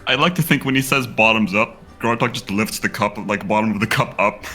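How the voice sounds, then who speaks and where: Joking man with a bright voice. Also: lowish voice, brisk, faint music behind. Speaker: player. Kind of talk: casual chat at a game table.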